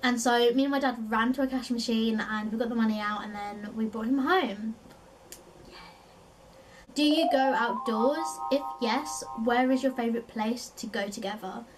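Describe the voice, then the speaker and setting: A young woman with a South East London accent, her voice sitting a little high, talks casually to the camera and keeps dropping in "like". She sounds a bit away from the mic, with a faint hum in the room behind her. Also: normal speed, distant mic. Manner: chatty, lots of "like" fillers, laughs often. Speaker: vlogger. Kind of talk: casual chat.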